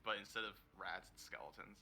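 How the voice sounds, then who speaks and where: A man narrating as dungeon master in a tabletop game, pausing often with fillers. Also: on the low side, pushed and bright. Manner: hesitant, many fillers while narrating.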